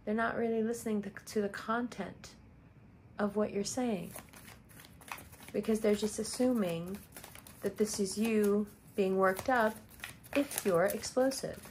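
A tarot reader gives her audience a casual astrology reading in a loose, conversational style, speaking directly and repeating key phrases to drive points home. Her middle-pitched voice is a little mellow and unhurried, with fairly even intonation and frequent pauses. A faint hum of noise sits behind it.

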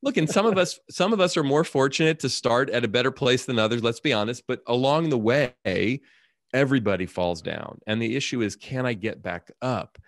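A man's voice: mid-range voice, lively intonation, fairly quick, dry recording, studio quality. A middle-aged man, an author and speaker, telling a personal story in an interview in an earnest, reflective way and acting out dialogue.

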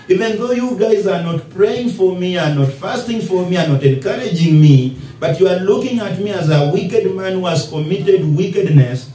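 A man's voice: high-pitched, lively intonation, normal speed, hardly any pauses, dark tone. A man with a Kenyan accent, a pastor preaching from scripture with repeated, emphatic phrases. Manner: preaching with repetition and rising emphasis. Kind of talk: expository sermon reading scripture. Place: church hall. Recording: echoey church hall, distant mic.

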